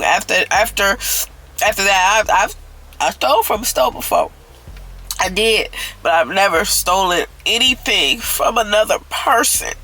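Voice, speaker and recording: A woman's voice: mid-range voice, bright, forceful tone, low-quality recording. Earnest woman telling a confessional story. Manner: earnest, repeats herself, keeps addressing viewers as y'all. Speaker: storytime vlogger.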